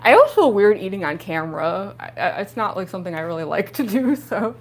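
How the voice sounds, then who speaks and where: A woman's voice: fast talker, slight background noise. Young woman, livestream host: bubbly, rambly, laughs a lot, mid-range voice, talking around costume teeth. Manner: giggly, chatty, frequent laughs and fillers; excitable, pitch jumping up on exclamations. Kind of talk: casual livestream chat.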